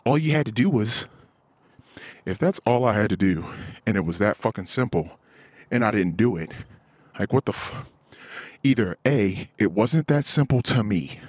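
A man's voice: fairly low pitch, expressive, moderate pace, a little mellow, slightly rough, no room sound. A man hosting a podcast, venting in a blunt, profane, frustrated casual monologue. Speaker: podcast host.

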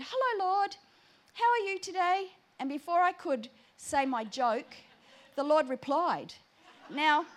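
A woman telling a personal prayer story in an animated, chatty sermon. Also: a little high. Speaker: preacher.

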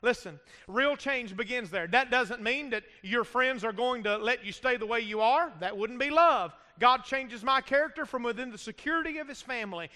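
A man's voice: extremely high pitch, animated, moderate pace, few pauses, sharp tone. A man preaching a sermon with emphatic delivery and frequent calls of "amen" to the congregation. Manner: emphatic preaching with frequent call-and-response amens. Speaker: pastor. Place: church sanctuary. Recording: reverberant hall.

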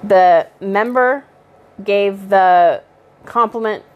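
A woman's voice: mid-range voice, extremely slow, highs cut off. A young adult woman co-hosting a casual podcast, telling stories with frequent laughs. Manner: chatty, laughing storyteller. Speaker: podcast co-host. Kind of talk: casual chat.

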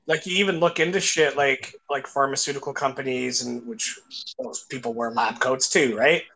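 A man in his forties hosts a casual chat in a bright voice. He talks loosely, with plenty of fillers, restarts and swearing. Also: medium pitch, steady tone, moderate pace, vocal fry. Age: 40s. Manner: loose, profane, filler-heavy. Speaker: host. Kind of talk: casual conversation.

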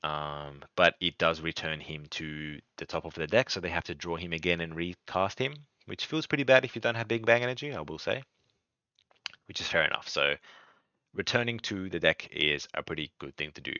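Low-voiced man, rambling podcast host. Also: moderate pace, sharp tone, smooth, no echo. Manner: rambling, many ums and restarts. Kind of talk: casual card game strategy talk. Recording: dull lo-fi dry sound.

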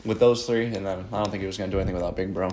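A man's voice: sits low, steady tone, racing, a little mellow, a little hiss or hum. A man co-hosting a podcast, adding short, laid-back remarks in casual chat. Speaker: podcast co-host.

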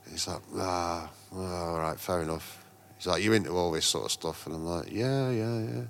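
A man's voice: deep voice, normal speed, gravelly, a little hiss or hum. A man in a casual interview, telling rambling anecdotes full of slang and restarts. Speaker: guest, graffiti artist and painter.

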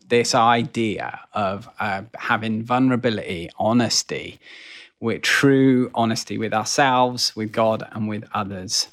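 A man's voice: lowish voice, measured pace. A man hosting a church podcast, chatting casually and introducing the segments. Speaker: podcast host.

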